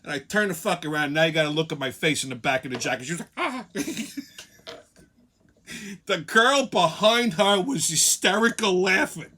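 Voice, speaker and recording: A man's voice: a little high, normal speed, long pauses, bright, forceful tone. A man hosting his own show, telling heated, profane stories as a comic rant. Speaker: host.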